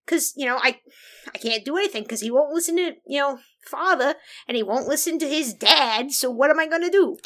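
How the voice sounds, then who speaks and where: A woman playing an exasperated father who is running for mayor and talks in halting, rambling sentences. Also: high voice, expressive, background noise. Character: exasperated father of a rebellious son, vying for mayor.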